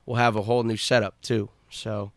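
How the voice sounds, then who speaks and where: A young man hosting a casual podcast, talking in a laid-back, halting way with lots of fillers. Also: fairly low pitch, little pitch movement, dry recording, clean studio sound. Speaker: podcast host.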